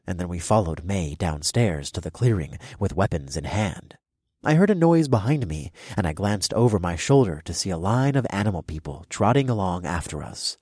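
A man narrating a first-person fantasy audiobook in a steady, measured way on a close studio mic. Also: deep voice, breathy edge, dry recording.

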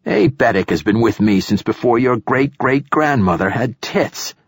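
A man voicing a rasping ancient poet. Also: medium pitch, expressive, moderate pace, dry recording, studio quality, pitched above the performer's own voice. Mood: scornful. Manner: snappish and formal. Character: ancient frail male poet, imperious and profane.

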